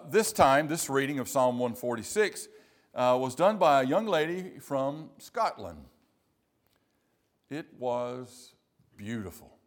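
A male pastor from South Carolina delivers a sermon in a mid-range voice. He preaches slowly and deliberately, leaning on emphatic, repeated phrases.

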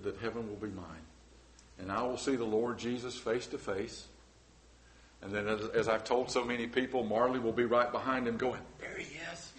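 Earnest preaching pastor, man. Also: mid-range voice. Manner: earnest preaching, rising to fervent cries and dropping to quiet appeals. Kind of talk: sermon. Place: church sanctuary with balcony.

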